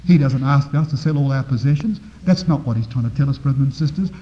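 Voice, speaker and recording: A man preaching a sermon, explaining Bible verses and often addressing his listeners as brethren and sisters, moving between quiet reflection and loud emphasis. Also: mid-range voice, quick pace. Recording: dull, lo-fi recording in a reverberant hall.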